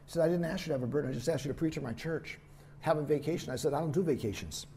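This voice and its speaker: An older man, a missionary preacher, telling lively stories in a sermon and acting out the voices of the people in them. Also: a little high, racing, crowd noise. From United States. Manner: animated anecdotes, voices quotes, laughs at himself. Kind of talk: storytelling sermon. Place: church hall.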